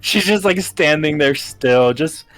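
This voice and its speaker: A man's voice: on the high side, lively intonation, a little slow, a bit bright, dry recording, faint music behind. A man streaming a game, chatting casually with friends, laughing often and filling with "like". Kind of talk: casual let's-play chat.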